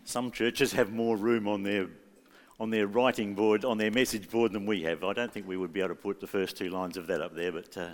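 A man's voice: on the low side, lively intonation, fairly quick, a bit bright. A man leading a church congregation in song, giving jokey, chatty instructions between hymns. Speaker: worship leader. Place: large church hall. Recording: echoey church hall with faint music.

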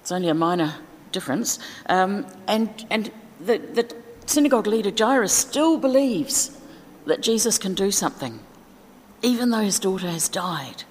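A woman's voice: medium pitch, lively intonation, moderate pace, long reverb tail. A woman giving a chatty, informal sermon in a church, with asides and fillers. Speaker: preacher.

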